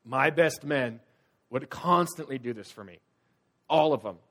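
A young man with an ordinary mid-range male voice delivers a sermon at an unhurried pace, preaching as if telling stories to friends, casual and loose with fillers. He swings from loud, urgent bursts to hushed, low confiding.

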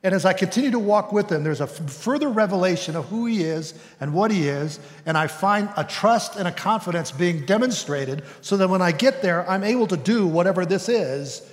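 A man's voice: sits high, animated, fairly quick, few pauses, big-room sound. A male pastor preaching a sermon in a conversational way, sometimes acting out voices.

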